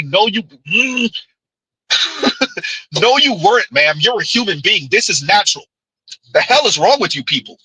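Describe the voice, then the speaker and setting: A man delivering a ranting commentary vlog in a high, very bright voice with a husky grain. He is blunt and preachy, tossing in sarcastic laughs and rhetorical asides, and the sound is dry and close. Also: sing-song, a little slow, long pauses, dry recording, low-quality recording. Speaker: commentary vlogger.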